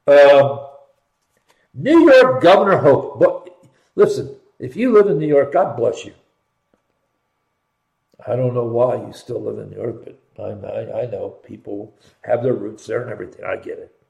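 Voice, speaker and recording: A man's voice: mid-range voice, lively intonation, normal speed, gravelly, long pauses, a little mellow, reverberant, rough recording. A middle-aged man hosting a political commentary show, talking emphatically and sarcastically and repeating points for stress. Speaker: host.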